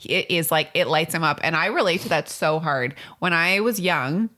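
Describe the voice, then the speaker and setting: Bubbly woman in her 30s co-hosting a chatty podcast, kinda low voice, laughs a lot. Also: normal speed, sharp tone. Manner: bubbly, laughs often, acts out quotes. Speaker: podcast co-host. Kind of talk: casual chat.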